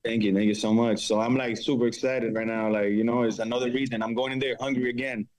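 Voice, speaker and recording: A man's voice: mid-range voice, little pitch movement, quick pace, a little mellow, rough recording. A man, a fighter and father, speaking as a guest in a casual interview with brash, slangy confidence. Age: adult father of four.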